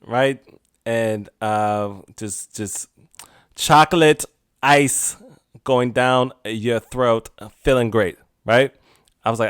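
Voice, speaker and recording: A man hosting a podcast alone, telling a rambling casual story with frequent laughs and sudden animated outbursts. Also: medium pitch, clear, resonant tone, dry recording, clean studio sound. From United States. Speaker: podcast host. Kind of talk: casual solo monologue.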